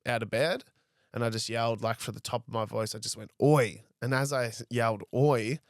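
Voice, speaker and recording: A man's voice: medium pitch, steady tone, fast talker, a bit bright, dry recording, clean studio sound. A young man, telling a story as a podcast guest in a casual, rambling way. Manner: rambling, frequent "like" and "I was like".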